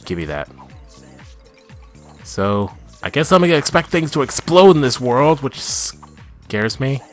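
A man doing let's play commentary, swinging between chatty self-talk and loud, swearing outbursts at the game. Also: mid-range voice, a little slow, soft background music. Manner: excitable, yelling and swearing at the game.

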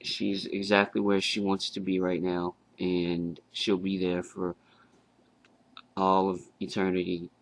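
Very deep, gravelly man, flat delivery. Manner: halting, with fillers and restarts. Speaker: grieving grandson. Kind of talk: casual personal tribute.

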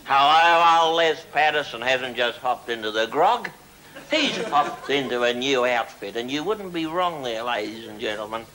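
A man's voice: mid-range voice, expressive, moderate pace, sharp tone, rough recording. A man playing a drunk, crude, middle-aged Australian diplomat with a broad Australian accent, giving a pompous, rambling speech in a television comedy sketch. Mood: pompous, tipsy. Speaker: comic character monologue. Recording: old 1970s TV broadcast with hiss. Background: studio audience laughter.

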